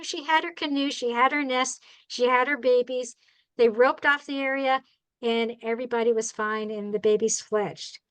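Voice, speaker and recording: High-voiced woman telling lively stories. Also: rough recording. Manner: animated, acts out the people and birds in her stories; chatty, asks the audience "all right?". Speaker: bird rehabilitator giving a talk. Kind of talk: storytelling talk to a club.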